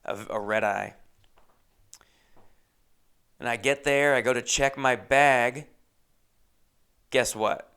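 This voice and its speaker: A young man hosting a podcast, telling a casual story with lively asides, acting out other people's lines and swearing freely. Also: medium pitch, takes it slowly, vocal fry, long pauses, clear, resonant tone. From Los Angeles. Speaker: podcast host.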